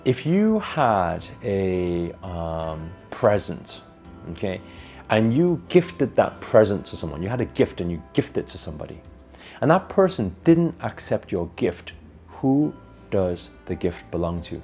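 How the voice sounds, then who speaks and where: A man voicing a calm, patient old sage who teaches by asking measured questions. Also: sits low, soft background music, exaggerated voice.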